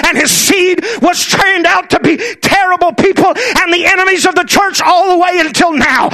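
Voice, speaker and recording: A male preacher delivering a fervent, shouted sermon in a church, with lots of repetition. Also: very high voice.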